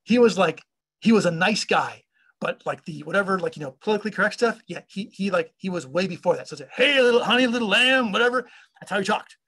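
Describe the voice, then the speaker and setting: Middle-aged male tech founder, husky high voice, casual rambling storyteller. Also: fast. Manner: rambling, full of fillers and acted-out quotes. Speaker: company founder and CTO. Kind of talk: casual talk to an online audience.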